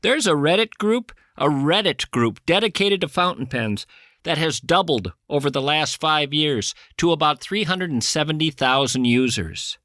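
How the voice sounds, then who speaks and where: A man's voice: on the high side, lively intonation, moderate pace, bright, forceful tone, no room sound, clean studio sound. A man hosting a podcast, riffing in a rambling comic monologue with theatrical mock outrage. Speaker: podcast host. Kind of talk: rambling comic monologue and prank phone call.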